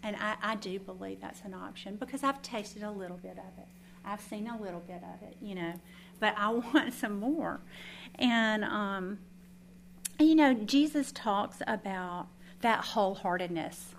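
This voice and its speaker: A woman's voice: medium pitch, a little slow, creaky. Lady teaching bible study, earnest and chatty, bit of hum behind. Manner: earnest, conversational, folksy asides.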